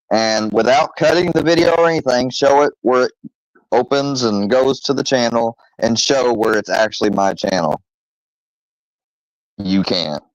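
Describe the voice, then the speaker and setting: A man hosting his own channel, rambling defensively with many fillers and pauses as he rants casually. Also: mid-range voice, dry recording. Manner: rambling, halting, full of fillers; defensive, irritated. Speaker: channel host. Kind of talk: rambling casual vlog rant. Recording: dull lo-fi close recording.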